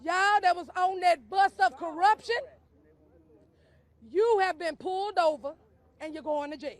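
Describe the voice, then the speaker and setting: A man's voice: very high-pitched, a little slow. A man leading a protest rally, emphatic and calling out chants for the crowd to repeat. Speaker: activist rally leader.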